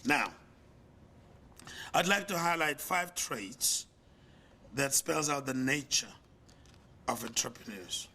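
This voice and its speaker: A man's voice: lively intonation, takes it slowly, long pauses, bright, forceful tone, a little hiss or hum. An older man with a South African accent giving a conference lecture with a preacher's rhetorical, emphatic cadence. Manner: rhetorical, emphatic, swings in pitch and volume. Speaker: conference speaker, pastor. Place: lecture hall.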